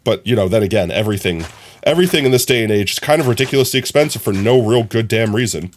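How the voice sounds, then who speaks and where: A young man chatting casually on his live stream, telling stories in an animated, rambling way full of fillers. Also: lowish voice, fast, slight background noise. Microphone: streaming from a phone.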